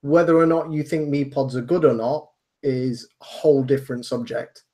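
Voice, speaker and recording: A man from England giving his view in a casual panel chat, measured and hesitant with frequent ums. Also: medium pitch, fairly even intonation, darkish tone. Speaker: panel guest.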